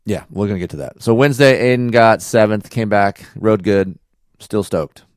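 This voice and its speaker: A man with a fairly low voice chats on a casual podcast and tells a story in a relaxed, slangy way. The sound is dry and close, with no room echo. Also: normal speed. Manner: laid-back storytelling with slang. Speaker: podcast host. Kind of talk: casual chat.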